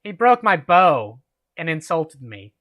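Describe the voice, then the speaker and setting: A man's voice: on the high side, very animated, takes it slowly, a bit bright. A man hosting a reading of a fan story aloud, chatting and laughing with friends between passages. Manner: amused, laughing reader. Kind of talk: reading aloud and casual chat.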